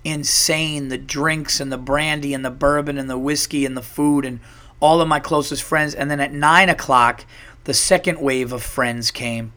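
A middle-aged man hosting a podcast, telling a long personal story in a rambling, excited way and swearing often. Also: a little high, moderate pace. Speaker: podcast host. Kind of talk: casual storytelling monologue.

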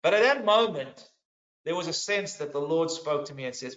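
Male preacher giving a testimony sermon, slightly high voice, animated loud-to-soft delivery, lo-fi echoey recording. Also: moderate pace. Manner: animated storytelling, swinging between loud and hushed. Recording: echoey, dull lo-fi sound.

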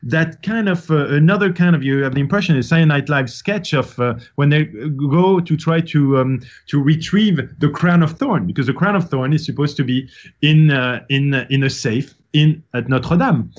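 A man's voice: fairly high pitch, normal speed. A man with a French accent, a guest on an interview show, telling a long story with many fillers and restarts. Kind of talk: casual interview talk. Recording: slightly muffled audio.

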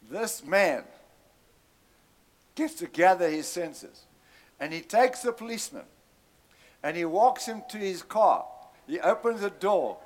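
Storytelling male preacher. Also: a little high. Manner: animated storyteller, calls out to congregation. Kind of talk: sermon storytelling.

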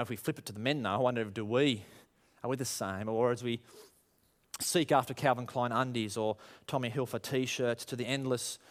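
Male pastor, animated sermon delivery, rhetorical, acts out quotes. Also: medium pitch.

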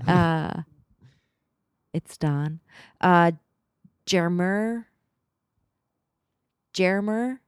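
Woman, podcast co-host, low voice, dry sound, laughy casual banter. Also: very slow, pauses often, darkish tone, clean tone, dry recording. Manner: laughing, fumbling through names. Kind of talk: casual chat.

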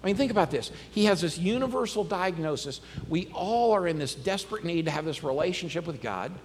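Animated preacher, slightly high voice. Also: male voice, brisk, slight background noise. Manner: conversational, animated preaching with scripture reading. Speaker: pastor. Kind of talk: sermon. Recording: long reverb, faint ambience.

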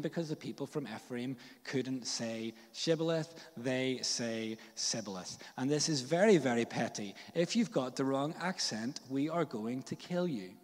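A Northern Irish pastor preaches in a church, his medium-pitched voice carrying the sound of a big room. He delivers the sermon as a casual, jokey story full of slang and fillers, in his Northern Irish accent.

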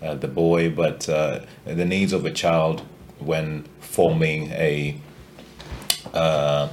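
A man hosting a casual podcast chat, halting often with fillers and restarts as he gathers his thoughts. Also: a bass voice, level tone, darkish tone, slight background noise. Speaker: podcast host.

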